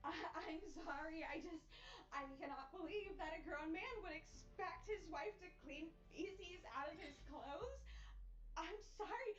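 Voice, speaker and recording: A flustered game-show contestant with a very high, bright and tense voice, as a woman puts her on. She speaks slowly and apologetically, set back from the mic in a roomy, dull-sounding recording. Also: recorded from a distance, soft background music.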